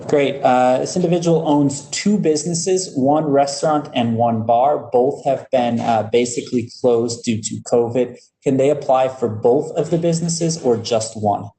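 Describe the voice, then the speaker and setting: A man's voice: mid-range voice, normal speed, hardly any pauses, mellow, poor audio. A man moderating a webinar, reading out viewers' questions in an affable way with many fillers.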